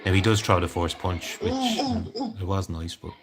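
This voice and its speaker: A man's voice: low voice, steady tone, brisk, background noise. An Irish man chatting casually on a live stream, rambling and greeting viewers by name. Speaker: livestreamer.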